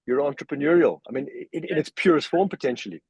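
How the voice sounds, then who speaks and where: A man's voice: on the high side, expressive, quick pace, a little mellow, husky, no echo, rough recording. A man in a casual podcast discussion, telling anecdotes and making his points with emphasis. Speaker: regular guest.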